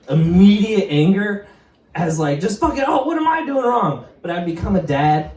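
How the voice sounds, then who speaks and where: On a comedy club stage, a young stand-up comedian rambles through profane stories and laughs at them himself. His voice is a little high and warm, picked up far off by a roomy stage mic, with the audience heard laughing.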